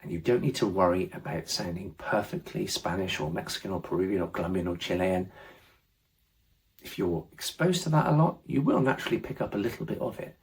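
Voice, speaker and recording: Low-voiced man teaching Spanish casually. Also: fairly quick. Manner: relaxed, reassuring, encouraging. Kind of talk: casual spoken lesson.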